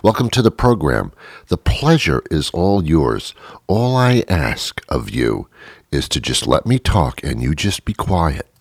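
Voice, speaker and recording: A man's voice: extremely low pitch, big pitch swings, slow pace, creaky, breathy edge. A man hosting a comedy show, rambling through a dry, self-interrupting monologue. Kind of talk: deadpan comic monologue.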